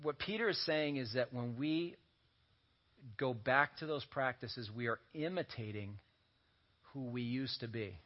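A man's voice: medium pitch, measured pace. Male pastor preaching, joking asides, lo-fi. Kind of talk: sermon. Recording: dull lo-fi audio recording.

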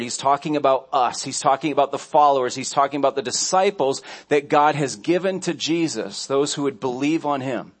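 A man's voice: medium pitch, moderate pace, few pauses. Man preaching with a conversational storytelling style. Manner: conversational storytelling, with frequent restarts and asides. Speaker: pastor. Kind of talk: sermon.

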